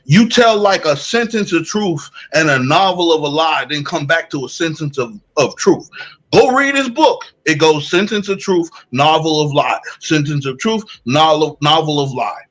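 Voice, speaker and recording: A man's voice: fairly high pitch, normal speed, hardly any pauses, a bit bright, low-quality recording. A man giving a heated commentary rant, emphatic and preachy, firing off rhetorical questions. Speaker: online commentator.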